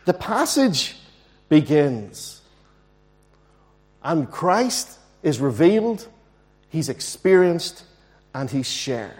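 A man preaching a sermon in a church, earnest and emphatic, slowing down to stress key words. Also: on the high side, very animated. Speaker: pastor.

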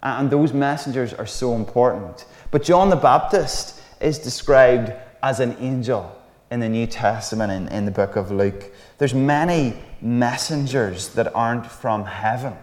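A man preaches with a lively, conversational manner and throws in jokey asides. His mid-pitched voice rings out with a long reverb tail, as if recorded in a big, roomy hall. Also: measured pace. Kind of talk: sermon.

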